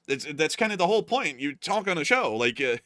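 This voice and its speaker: A man's voice: a little high, fairly quick, no room sound, clean studio sound. A man hosting a live news stream, reading super chats and answering them in a rambling, joking way. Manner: rambling, jokey, animated. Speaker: host.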